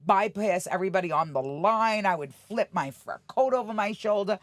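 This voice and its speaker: A woman's voice: medium pitch, moderate pace, no room sound. A middle-aged woman, a podcast guest, telling stories bluntly and acting out the voices of people she quotes. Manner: animated, acts out quoted voices; blunt, swears freely. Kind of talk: casual storytelling interview.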